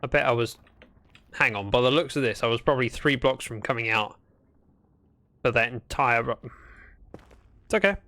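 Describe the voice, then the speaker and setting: A man's voice: medium pitch, normal speed, pauses often, pushed and bright. A man chatting through a gameplay livestream, talking to himself and greeting viewers. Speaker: streamer. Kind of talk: casual gameplay livestream commentary.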